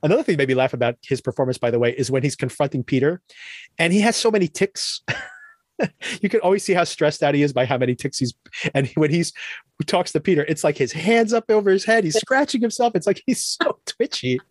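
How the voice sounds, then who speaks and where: A man's voice: fairly high pitch, lively intonation, fast, dry recording, studio quality. A man hosting a podcast, chatting casually and animatedly, often laughing and acting out lines. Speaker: podcast host. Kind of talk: casual chat.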